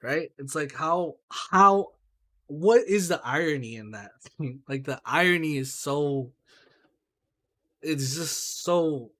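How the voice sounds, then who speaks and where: His voice is on the high side and his pace slow as he co-hosts a laid-back podcast, yet he talks heatedly. Swearing and animated, he asks "right?" over and over and calls people "bro."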